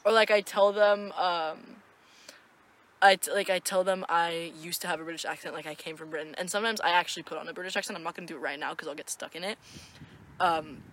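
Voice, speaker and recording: A woman's voice: lowish voice, fairly bright tone, a little hiss or hum. A young woman co-hosting a podcast, chatting casually in a rambling, profane way and giggling often. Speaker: podcast co-host. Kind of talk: casual chat.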